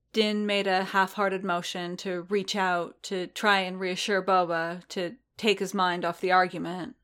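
A woman reads a story aloud in a steady, measured way. Her voice sits on the lower side and she takes her time, unhurried. Each sentence is given space. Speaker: reader. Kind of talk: reading fan fiction aloud.

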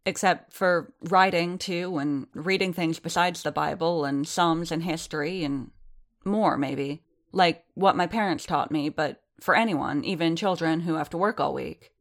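A woman voicing an eager, hopeful young gentleman. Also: low-pitched, a little slow. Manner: hesitant and hopeful, words tumbling out. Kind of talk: audiobook character voice.

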